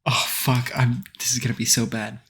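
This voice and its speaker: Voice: medium pitch, flat delivery, normal speed, a bit bright, a little hiss or hum. Podcast cohost, exasperated, trails off a lot, casual chat. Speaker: podcast co-host.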